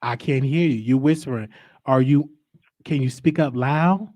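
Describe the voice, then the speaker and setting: A man's voice: mid-range voice, moderate pace, a little mellow, no room sound. A man hosting a live call-in show, cutting in on callers and stammering over repeated words. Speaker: radio show host taking calls.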